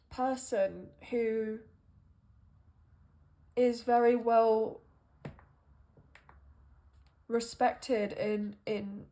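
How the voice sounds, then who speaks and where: A woman with a fairly high voice talks her way through a tarot reading at an unhurried pace. She muses and hesitates as she thinks aloud, leaning on fillers as the ideas come to her. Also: mellow. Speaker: tarot card reader. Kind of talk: intuitive tarot reading monologue.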